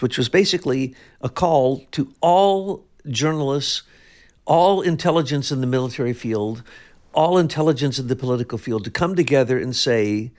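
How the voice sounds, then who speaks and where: Man, co-host, political talk, emphatic, middle pitch, frequent restarts. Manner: emphatic, sweeping claims with many restarts.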